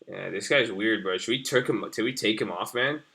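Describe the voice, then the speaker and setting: A man's voice: fairly low pitch, fairly quick, vocal fry, bright, forceful tone. A young man hosting a live stream, rambling casually and profanely as he talks to his viewers. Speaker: stream host.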